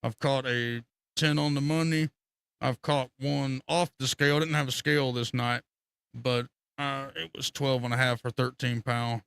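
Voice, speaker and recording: A man's voice: mid-range voice, normal speed, vocal fry, clear, resonant tone. A man telling rambling, profane fishing stories on a casual live stream. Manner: rambling, profane, animated storytelling with laughter.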